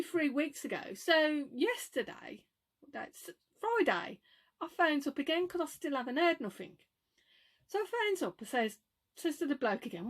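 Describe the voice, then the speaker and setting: A middle-aged woman with a Brummie accent, chatting casually to camera as she acts out her phone calls and laughs through the story. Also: high-pitched. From Birmingham, England. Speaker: vlogger.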